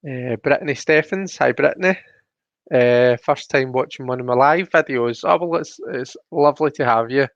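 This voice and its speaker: Male stream host, gravelly, chatty, dull dry home-mic sound. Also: mid-range voice, normal speed, no echo. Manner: chatty, greets viewers by name, reads chat aloud. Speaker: livestream host. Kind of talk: casual live-stream chat.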